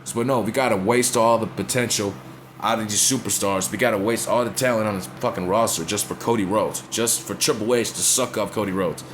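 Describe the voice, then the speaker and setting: A man's voice: lowish voice, steady tone, brisk, background noise. A man ranting in a blunt, profane way in casual talk, often asking if you know what he's saying. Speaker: wrestling commentator vlogger. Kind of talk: casual opinion rant.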